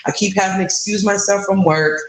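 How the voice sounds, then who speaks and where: A woman's voice: mid-range voice, steady tone, a little fast, reverberant, low-quality recording. A woman in her thirties candidly recounting a frustrating personal experience in an interview, with emotion in her voice. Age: 30s. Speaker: guest sharing her story.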